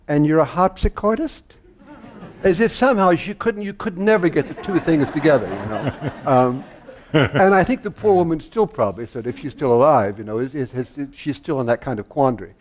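Older American man telling lively stories. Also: fairly high pitch. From United States. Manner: animated, laughing storyteller with many restarts. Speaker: guest conductor and harpsichordist. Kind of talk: anecdotal stage conversation. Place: public talk on stage before an audience.

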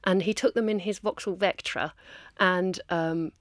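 A woman's voice: lowish voice, fairly even intonation, unhurried, no room sound, studio quality. A woman, a podcast guest chatting and teasingly recalling family moments. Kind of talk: casual chat.

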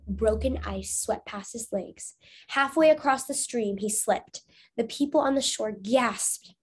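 A woman's voice: mid-range voice, a little mellow, a little hiss or hum. A woman teacher reading a storybook aloud to young students, then asking encouraging discussion questions. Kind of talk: reading aloud to children, lesson.

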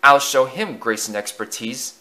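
A man's voice: mid-range voice, animated, moderate pace, pushed and bright. A man voicing a proud, boastful male steam engine who talks in a haughty, sulky way.

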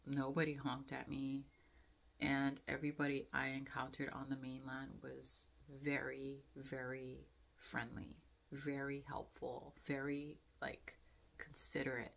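A woman's voice: extremely low pitch, monotone, a little slow, vocal fry. A young woman vlogging to camera in a casual, rambling way, full of fillers and reflective asides. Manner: chatty, frequent fillers, laughs often, reflective.

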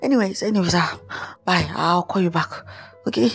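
A woman's voice: on the low side, fairly quick, creaky, slightly rough, soft background music. A woman with a Nigerian accent playing a showy, heartbroken male pop musician in a comedy skit, dramatic and repetitive. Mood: distraught. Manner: dramatic, repeats itself, wailing. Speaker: comic actor.

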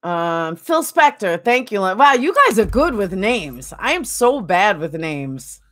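A woman's voice: medium pitch, very animated, unhurried, fairly bright tone. A woman streaming a game, chatting casually and answering viewers by name. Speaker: game streamer reading chat. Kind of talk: casual chat while gaming.

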